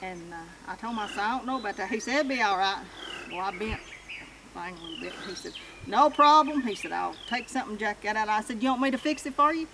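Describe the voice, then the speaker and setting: A woman's voice: mid-range voice, expressive, quick pace, background noise. Folksy older woman outdoors. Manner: folksy, plainspoken. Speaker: loader operator at sawmill. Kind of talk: casual storytelling.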